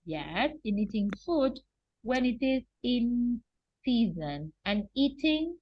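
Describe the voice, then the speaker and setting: A woman's voice: on the high side, big pitch swings, slow. A woman teaching an English vocabulary lesson, patiently explaining words and checking in with her students. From Argentina. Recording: dull, lo-fi and dry.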